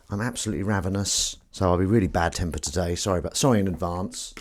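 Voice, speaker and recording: A man's voice: deep voice, fast talker, few pauses. A man live-streaming, chatting casually and rambling to himself and his viewers with self-mocking asides.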